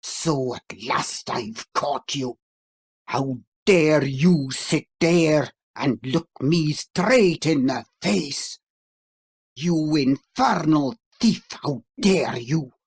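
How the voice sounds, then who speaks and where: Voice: medium pitch, lively intonation, unhurried, slightly rough, full character voice. A reader voicing a raging jealous husband. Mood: furious. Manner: furious, shouting insults. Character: enraged jealous husband, middle-aged man. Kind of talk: audiobook character reading.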